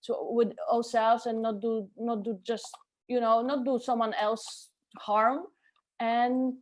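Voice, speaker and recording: Earnest, halting woman guest. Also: a little high, flat delivery. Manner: earnest, halting, repeats words. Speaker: podcast co-host, guest. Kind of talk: casual conversation.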